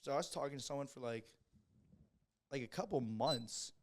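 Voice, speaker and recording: A man's voice: medium pitch, moderate pace. A twenty-one-year-old man co-hosting a podcast, talking in a laid-back, hesitant way with many fillers. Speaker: podcast co-host. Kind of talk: casual chat.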